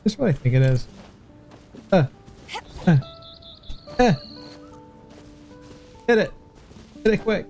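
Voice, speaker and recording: An excitable man chats while he streams a game, yelping and pleading whenever his character is in danger. His voice is gravelly and swings widely in pitch, and he talks slowly. Game music plays faintly underneath. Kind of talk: casual let's play chat.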